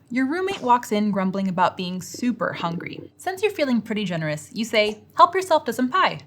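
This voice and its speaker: Young woman reading a lesson script, upbeat and playful, voice goes up and down a lot. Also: a little high. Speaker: educational host. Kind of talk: scripted educational narration.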